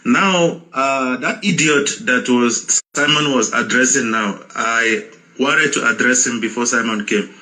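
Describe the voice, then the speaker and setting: A man's voice: mid-range voice, unhurried, bright, forceful tone, rough recording. A man calling in to an audio space, speaking in an agitated, emphatic way.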